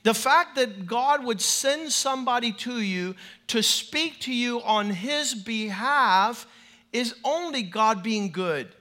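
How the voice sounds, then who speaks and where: A man preaching a lively sermon in a church to a large congregation, animated and playful, leading call-and-response. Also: very high-pitched, slow.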